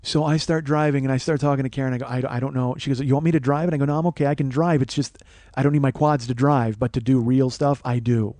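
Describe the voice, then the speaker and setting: A man hosting a podcast, telling a comic personal story in a profane, animated, self-mocking way. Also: medium pitch, fast, dry recording. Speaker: podcast host. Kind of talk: comedic storytelling monologue.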